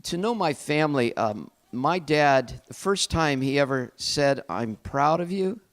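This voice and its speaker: A man's voice: fairly high pitch, expressive, unhurried. A middle-aged man, a pastor, telling a personal story in a candid, reflective and self-deprecating way. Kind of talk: personal testimony talk.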